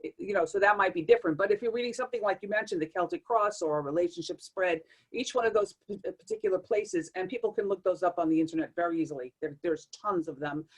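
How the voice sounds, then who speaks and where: A woman's voice: fairly low pitch, fast talker, few pauses. A woman being interviewed as a tarot reader, explaining how readings work and acting out little exchanges as she goes. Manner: animated, acts out readings in quoted asides.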